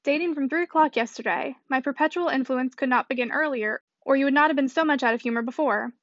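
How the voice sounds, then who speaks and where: A woman's voice: high-pitched, fast talker, no room sound. Emma, an arch young lady, read by a woman. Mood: playful. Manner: arch, playful. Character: witty self-assured young lady. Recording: dull dry audiobook recording.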